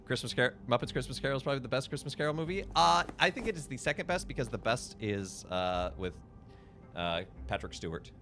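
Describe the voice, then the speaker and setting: A man streams a video game and chats casually with his viewers. He thinks aloud and offers opinions freely. His pitch moves in a lively way, with faint music underneath. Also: fairly quick. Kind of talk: casual gameplay commentary.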